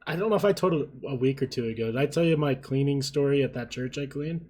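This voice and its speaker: Laid back podcast cohost guy, mid pitch, lots of likes and uhs. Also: fast talker, darkish tone. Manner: easygoing, summarizing, filler-heavy. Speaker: podcast co-host. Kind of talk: casual podcast chat.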